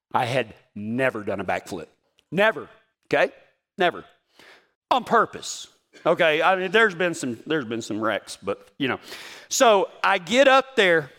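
Man, forties, preacher, folksy joking storyteller, high voice, lively bright tone. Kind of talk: storytelling sermon.

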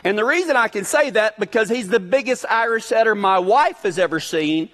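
A man delivering a sermon in a very high voice that swings widely in pitch. He talks in a folksy, animated way and drops in joking asides as he leads into his message. His delivery stays lively throughout. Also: fairly quick. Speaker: pastor. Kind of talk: sermon with humorous storytelling.

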